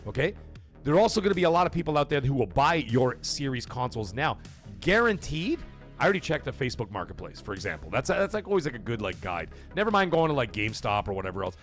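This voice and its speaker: A male livestream host talks gaming in a loose, animated rant. His pitch swoops widely and he breaks into loud outbursts and swearing. Faint music plays underneath. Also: quick pace.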